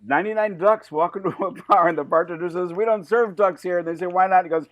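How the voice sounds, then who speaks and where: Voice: mid-range voice, quick pace, no echo, muffled recording. An improv performer rattles off pun-driven bar jokes, punchy and direct. The sound is close and dry, with no room around it. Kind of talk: improv joke telling.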